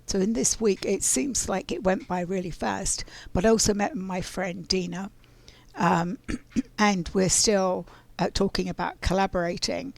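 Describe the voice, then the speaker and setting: A woman's voice: medium pitch, creaky, no room sound. A middle-aged woman telling a spiritual story in a casual, rambling way, full of fillers and restarts. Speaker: oracle card reader.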